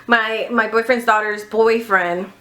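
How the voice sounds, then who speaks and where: Bright-voiced woman telling an exasperated storytime. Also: a little high, a little slow. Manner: animated retelling with quoted dialogue; exasperated and candid, with swearing. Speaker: vlogger. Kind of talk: casual storytime vlog.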